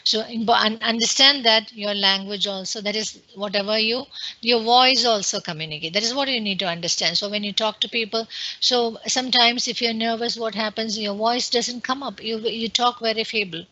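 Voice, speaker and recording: A woman's voice: on the high side, normal speed, pushed and bright, rough recording. A woman with an Indian English accent giving an online webinar lecture in an explanatory way, with many fillers and restarts. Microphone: computer mic on a video call.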